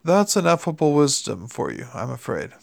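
A man's voice: on the high side, huge pitch swings, moderate pace, gravelly, no echo, exaggerated voice. A man voicing a prim, fussy male angel with old-fashioned, prissy politeness in an audiobook reading. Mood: weary.

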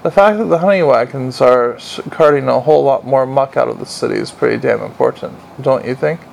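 A man's voice: mid-range voice, fairly quick, creaky, darkish tone, slight background noise. A man voicing a weary, brusque middle-aged watch commander.

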